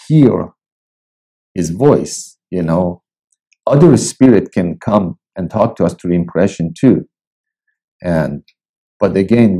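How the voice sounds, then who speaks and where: A male pastor reading and preaching a devotional in a slow, deliberate way with long pauses. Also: lowish voice, warm tone, rough recording. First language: Persian.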